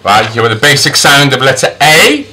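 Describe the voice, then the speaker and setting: A man teaching English phonics, patiently modeling each sound slowly and with exaggeration. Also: mid-range voice, big pitch swings, bright, forceful tone, a little hiss or hum. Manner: slow, exaggerated sound demonstrations; patient, reassuring. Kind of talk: phonics lesson.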